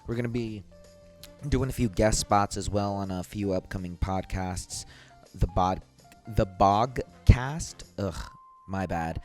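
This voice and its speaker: A man's voice: fairly low pitch, takes it slowly, faint music behind. A man hosting a casual podcast clip show, talking in a loose, rambling way. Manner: loose, rambling, pleading asides. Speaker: podcast host.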